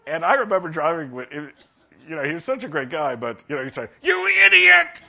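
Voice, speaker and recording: A man's voice: on the high side, lively intonation, quick pace, fairly bright tone, slightly rough. A male pastor preaching a sermon and asking the congregation questions to draw them in. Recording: dull lo-fi sermon recording.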